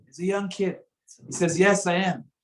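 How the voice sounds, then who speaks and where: A man's voice: high-pitched, steady tone, normal speed, echoey room, rough recording. A man giving a conversational sermon in a synagogue, mixing in Hebrew terms as he tells a story. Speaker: rabbi.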